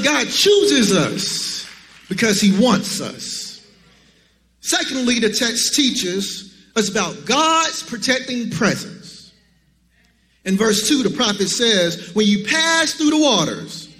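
A man delivers a sermon in a rhythmic cadence, calling out to the congregation. His voice sits very high and rings bright. A long reverb trails behind him. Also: a little hiss or hum. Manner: rhythmic preaching, calls out to the congregation. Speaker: preacher.

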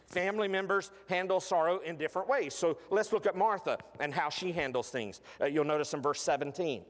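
A man's voice: a little high, brisk, in a large hall. A man preaching a sermon in a conversational way, with frequent fillers and restarts.

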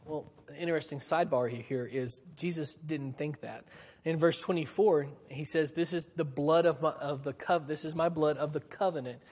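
A man's voice: fairly high pitch, moderate pace, a little mellow, big-room sound. A man preaching a sermon in a church, talking in a conversational way with frequent restarts and rhetorical questions. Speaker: pastor.

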